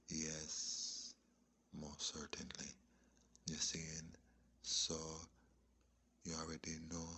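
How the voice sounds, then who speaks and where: Man, very low gravelly voice, husky, rambling spiritual talk, hushed asides. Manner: lecturing, often drops to a hushed whisper, frequent rhetorical checks. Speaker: religious commentator. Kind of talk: rambling spiritual commentary over video clips.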